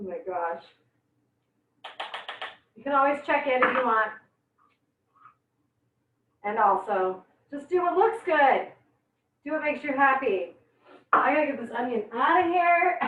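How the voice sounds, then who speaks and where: Over a little hiss or hum, a young woman with a high-pitched voice runs a live online cooking class. Onions leave her teary-eyed while she laughs, chats, and exclaims frequently, all captured in echoey, distant, phone-like sound.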